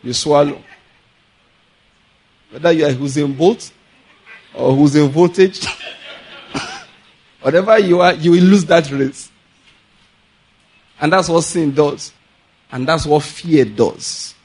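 Animated Nigerian preacher, laughing storyteller. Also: male voice, a little high, slow pace, pauses often, slightly rough. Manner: animated storytelling, laughs often, mixes in pidgin. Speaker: pastor. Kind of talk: sermon.

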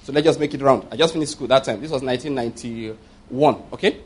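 A fast-talking Nigerian pastor in his fifties preaches a sermon in a medium-pitched, slightly rough voice. He is emphatic and keeps asking the congregation whether they follow his point.

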